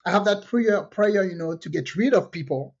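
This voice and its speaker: A woman tells a personal story in a relaxed podcast chat, slipping into the voices of the people she quotes. Her pitch sits in the middle range for a woman. The recording sounds a little dull and lo-fi. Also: moderate pace, husky. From French Caribbean. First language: French. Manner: lively storyteller who acts out quoted dialogue. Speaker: podcast co-host.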